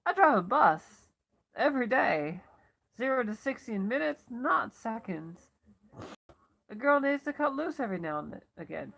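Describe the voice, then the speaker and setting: Brassy older lady bus driver in a novel reading, pitched up and loud, as the woman reader puts her on. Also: sing-song, moderate pace, vocal fry, full character voice. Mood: gleeful.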